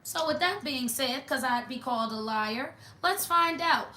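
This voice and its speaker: A woman's voice: high-pitched, expressive, a little slow, pushed and bright, reverberant. A woman doing a casual tarot reading for viewers, talking in a blunt, mocking, sassy way. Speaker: tarot reader.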